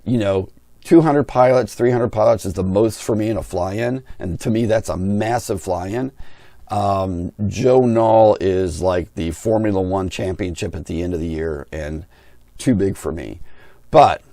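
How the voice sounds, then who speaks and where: A middle-aged man with a deep, mellow voice speaks at an unhurried pace, recorded with no room sound. He's an RC pilot who hosts a hobby channel, and he tells a story as a candid, blunt, opinionated rant, talking with his hands through his words.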